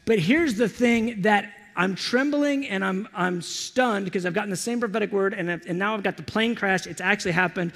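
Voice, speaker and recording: High-voiced, excited male preacher in a hall. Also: moderate pace, hardly any pauses. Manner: animated, excited storytelling. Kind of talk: storytelling sermon.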